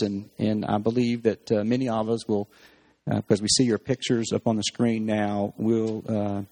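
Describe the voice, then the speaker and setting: A man leading a church service, talking gently with many pauses and fillers, interviewing a guest and then praying aloud. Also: on the low side. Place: church hall.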